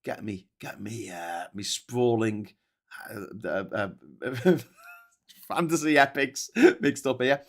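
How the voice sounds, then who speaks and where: A man's voice: on the low side, slow pace. Rambling man hosting a stream. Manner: rambling, self-correcting, jokey. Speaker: show host. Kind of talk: live news commentary stream. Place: seated in his own show chair.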